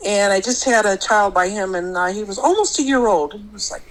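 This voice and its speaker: A middle-aged woman guest telling a personal experience on a podcast, rambling, restarting often, and jumping higher when she quotes others. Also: expressive, fairly quick, poor audio. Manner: rambling, full of restarts, jumps high when quoting others.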